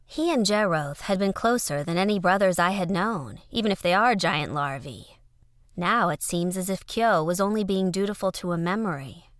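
A woman's voice: fairly low pitch, expressive, moderate pace, no room sound, studio quality. A woman narrating an audio fiction story in a conversational first-person letter style.

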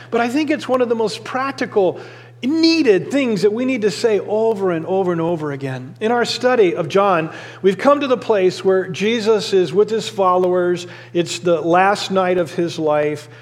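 A middle-aged man, a lead pastor, preaching a sermon in a church and telling a story earnestly, with occasional fillers. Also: sits high. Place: church sanctuary. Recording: long hall reverb.

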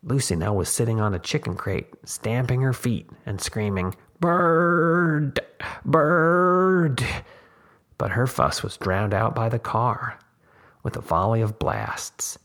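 Gravelly, low-voiced male storyteller. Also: moderate pace. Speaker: narrator. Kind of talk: story reading.

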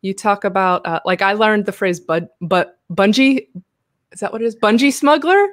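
An American woman hosts a loose, chatty live show. She laughs easily and throws in animated asides. Her voice sits at a middling pitch, recorded close and dry. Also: moderate pace, no echo. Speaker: host. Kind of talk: casual livestream chat.

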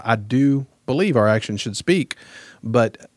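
A man's voice: mid-range voice, animated, measured pace, no room sound. A man talking earnestly as a guest host on a casual podcast, with many fillers.

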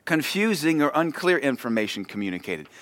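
A man's voice: a little high, sing-song, a little fast, fairly bright tone, dry recording. A man pastor giving a sermon in a conversational way, acting out short everyday exchanges. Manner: conversational preaching, acts out short dialogues.

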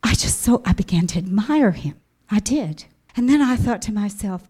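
A middle-aged woman from the American Midwest giving a personal religious testimony to an audience, animated and emphatic, acting out her own past words. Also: fairly high pitch, fairly quick.

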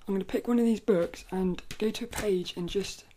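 Chatty woman with a mellow voice. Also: mid-range voice. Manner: chatty and playful, with frequent self-corrections; reads quoted passages louder and slower. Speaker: podcast host. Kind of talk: casual solo chat, reading aloud from a children's book.

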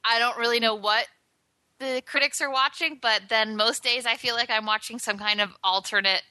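Female podcast co-host, piercingly bright voice, halting, offhand delivery. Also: on the high side, fairly even intonation, no room sound. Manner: hesitant, many ums, shrugging asides. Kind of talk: casual chat.

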